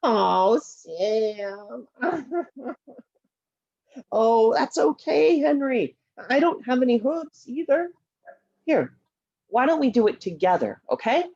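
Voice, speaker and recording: Woman voicing a cheerful teacher puppet, encouraging, lively up-and-down voice, dull video-call audio. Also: a little high, slow, creaky, long pauses, husky, full character voice. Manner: encouraging, upbeat, coaxing. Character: cheerful, helpful teacher puppet, patient friend.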